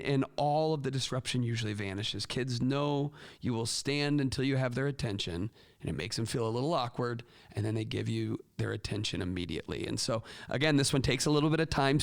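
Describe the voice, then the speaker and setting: A man hosting a casual advice talk for teachers, lively and animated, acting out classroom call-outs with big jumps in pitch. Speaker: podcast host and teacher educator.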